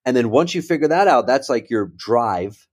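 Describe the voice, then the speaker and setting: Animated male storyteller. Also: mid-range voice, moderate pace. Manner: animated, checks in with "right?" and "okay?". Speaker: guest speaker and professor. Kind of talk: conversational storytelling.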